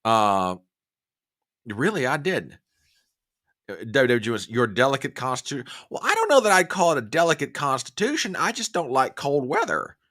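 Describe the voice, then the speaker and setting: A man's voice: medium pitch, very animated, moderate pace, a bit bright. A man hosting a casual live stream, chatting and joking and greeting viewers by name. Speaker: livestream host.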